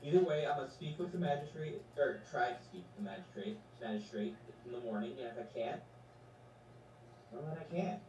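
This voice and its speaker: A man's voice: on the high side, lively intonation, a little fast, a little mellow, slight background noise. A man playing in a tabletop game, talking in a rambling, sweary way. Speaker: player. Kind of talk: tabletop role-play chat. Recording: roomy, distant mic.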